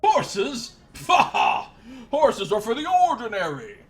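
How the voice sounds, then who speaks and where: Guy doing a pompous vain prince, loud and high, whiny and boastful, game story read aloud. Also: very animated, takes it slowly, exaggerated voice.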